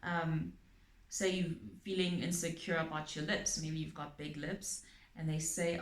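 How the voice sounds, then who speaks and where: A woman calmly explaining her topic to viewers, using everyday examples and frequent pauses and ums. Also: deep voice. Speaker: channel host on abuse awareness. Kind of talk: explanatory talk to camera. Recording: echoey room.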